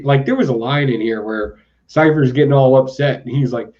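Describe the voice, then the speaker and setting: A man's voice: medium pitch, moderate pace, few pauses, dark tone, lo-fi sound. A man hosting a comic book podcast, chatting casually with sarcastic asides and frequent laughter. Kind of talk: casual comic review chat.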